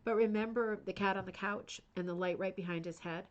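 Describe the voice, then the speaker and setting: Woman, craft stream host, enthusiastic, chatty, mid-pitched voice. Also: fairly even intonation, brisk, highs cut off. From United States. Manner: enthusiastic, chatty, reading out viewer comments. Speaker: host of a rug hooking club channel. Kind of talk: live-streamed book review chat.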